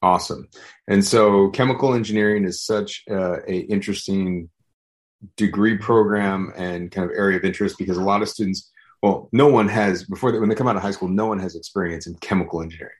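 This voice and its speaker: Fast-talking young man with a deep voice. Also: steady tone. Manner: quick, loose talk with fillers. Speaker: podcast host. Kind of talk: casual show intro.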